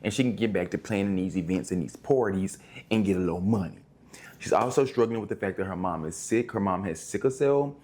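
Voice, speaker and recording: A chatty young man talks through his monthly reads in a relaxed, rambling way and drops plenty of slang. His voice sits a little low. He often stops and restarts mid-thought. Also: fairly quick. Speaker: book reviewer. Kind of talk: casual book review vlog.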